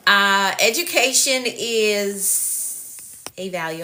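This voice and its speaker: Woman in her 40s doing a live stream as a life coach, upbeat and welcoming, says hi to everyone over and over, bright voice. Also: mid-range voice, a little slow, a little hiss or hum. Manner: upbeat, welcoming, repeats greetings.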